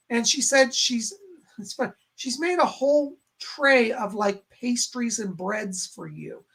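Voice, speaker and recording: A man with a very high, fairly bright voice and a slightly slow delivery hosts a live stream as a psychic medium. He reads chat questions aloud and relays messages in a chatty, reassuring way, dropping in lots of "and she said" asides.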